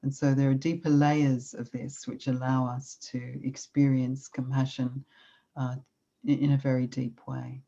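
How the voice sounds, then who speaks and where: A middle-aged woman giving a gentle talk on self-compassion and leading a guided meditation in a calm, unhurried way. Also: extremely low pitch. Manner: calm, warm, unhurried, with soft guiding instructions. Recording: slightly dull lo-fi recording.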